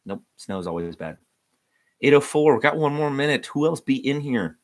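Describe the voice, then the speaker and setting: A man's voice: mid-range voice, lively intonation, moderate pace. A man hosting a casual livestream devotional, rambling and joking at his own expense, with plenty of ums and likes. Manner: rambling, joking, self-deprecating, many fillers. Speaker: youth devotional host.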